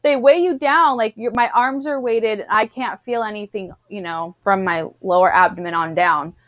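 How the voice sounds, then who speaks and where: A woman in her thirties chatting casually, telling a story in an animated way and acting out what people said. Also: mid-range voice, moderate pace, no room sound, dull audio. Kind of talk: casual chat.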